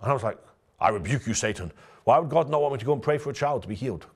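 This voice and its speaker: This pastor's medium-pitched voice is gravelly with a breathy edge, and he talks very fast. He tells stories in a conversational sermon, addressing his congregation in a lively, direct manner.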